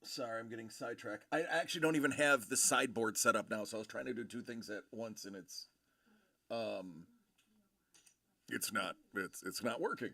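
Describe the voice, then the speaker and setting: A man's voice: lowish voice, normal speed, gravelly, pushed and bright, no room sound. A man hosting a casual livestream, telling a long rambling story with many fillers and restarts. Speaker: show host.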